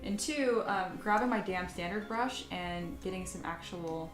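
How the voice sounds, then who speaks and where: A woman's voice: on the low side, a little slow, reverberant, music in the background. A woman sculpting on a live stream, chatting casually with her viewers and reading their comments aloud, often poking fun at herself. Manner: chatty, self-deprecating, reads chat aloud.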